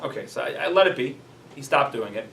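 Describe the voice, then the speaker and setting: A man's voice: medium pitch, lively intonation, quick pace, vocal fry, fairly bright tone, a little hiss or hum. A man, a rabbi, teaching a class in a casual, chatty storytelling way, full of "like" and "you know". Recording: roomy echo, mic at a distance.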